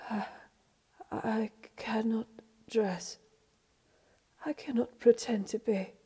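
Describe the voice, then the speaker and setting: Woman doing a nervous fretful gentleman, hesitant, slow mellow voice. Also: fairly high pitch, steady tone, breathy edge, exaggerated voice. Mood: anxious. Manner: nervous and halting. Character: anxious fretful gentleman, easily cross.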